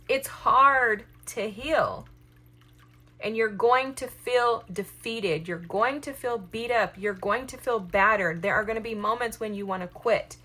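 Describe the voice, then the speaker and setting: A woman's voice: fairly high pitch, bright, forceful tone. A woman giving a collective tarot reading to her viewers, enthusiastic and encouraging, speaking straight to them. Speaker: tarot reader.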